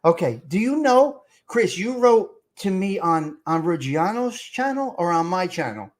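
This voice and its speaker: A man's voice: high-pitched, very animated, a little slow. Profane rambling man on a live stream. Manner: rambling, profane, chats with viewers in the comments. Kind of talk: casual live-stream chat.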